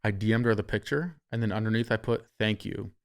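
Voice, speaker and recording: A young man hosting a podcast, telling a story in a casual, animated way, swearing freely and acting out what people said. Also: on the low side, fast talker, gravelly. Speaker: podcast host.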